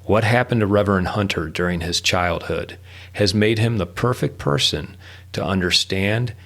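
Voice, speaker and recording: Man with a very deep narrating voice. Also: normal speed, creaky, a bit bright. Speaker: podcast host narrator. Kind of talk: scripted narration.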